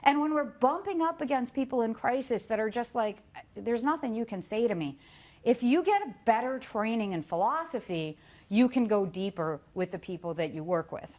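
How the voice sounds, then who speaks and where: A middle-aged woman giving a talk, telling her own story with lively asides and acted-out quotes. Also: a little high, normal speed. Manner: lively storytelling, acts out quoted voices, laughs at herself. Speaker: conference speaker.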